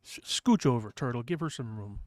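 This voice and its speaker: A man's voice: mid-range voice, expressive, a little fast, dry recording. Chatty man hosting a morning stream. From New Hampshire. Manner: rambling, chatty, reads chat aloud. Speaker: livestream host. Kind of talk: casual chat with viewers.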